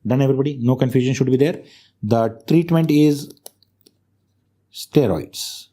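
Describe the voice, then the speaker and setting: In a mellow, mid-range voice and at a measured pace, a male lecturer teaches a medical class, stressing important terms and frequently making sure students are following.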